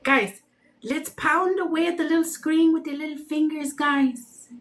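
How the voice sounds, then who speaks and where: A woman's voice: sits high, steady tone, a little slow, a little hiss or hum. A woman whose first language is Spanish, chatting playfully and swearing freely as she hosts a tarot livestream, slipping into funny voices. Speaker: tarot reader livestream host. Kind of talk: casual livestream chat.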